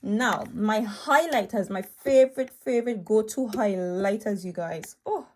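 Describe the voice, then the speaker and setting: A woman's voice: mid-range voice, measured pace, slight background noise. A woman vlogging about her favorite beauty products in a rambling, enthusiastic way, full of fillers, a bit out of breath while recording on a handheld tablet at home. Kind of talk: chatty product review. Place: home room cluttered with makeup. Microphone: tablet held in hand.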